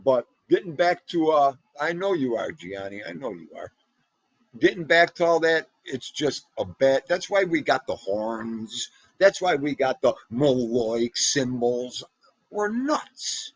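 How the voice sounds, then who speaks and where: A man's voice: mid-range voice, a little slow, slightly rough, no echo. A middle-aged man with a North Jersey accent, rambling in casual livestream chat and greeting viewers by name. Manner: rambling, animated, Italian-American slang. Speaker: livestream host reading chat.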